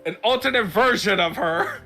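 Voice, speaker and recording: On his podcast, a man loosely retells a story, stumbling through fillers and false starts. He sounds slightly high-pitched, forceful and expressive at a normal speed, backed by soft music.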